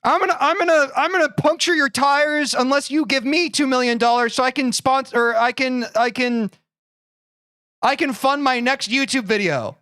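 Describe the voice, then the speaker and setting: A man's voice: very high voice, moderate pace, bright, forceful tone, no room sound, studio quality, voice pushed up. A man putting on the voice of a pushy male internet star who rambles through his demands. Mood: greedy.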